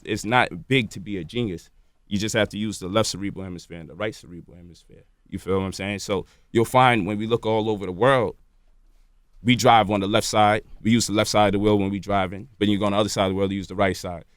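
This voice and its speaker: Low-voiced man lecturing in dry studio sound. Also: steady tone, fast talker, no echo. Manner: explains at length, tags points with "right?" and "you feel me?". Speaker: guest on a radio show. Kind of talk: lecturing interview talk. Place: radio studio.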